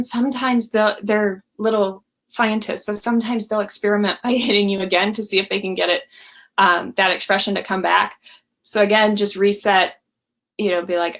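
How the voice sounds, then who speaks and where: A woman's voice: medium pitch, steady tone, brisk, fairly bright tone. A woman coaching parents in a live Q&A, talking in a friendly, conversational way at home and giving example phrases.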